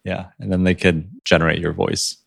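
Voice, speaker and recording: A man co-hosting a podcast in casual chat, animated and quick to laugh. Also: low-pitched, creaky, slightly rough, dry recording, clean studio sound. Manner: animated, laughs often, words tumbling fast. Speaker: podcast co-host.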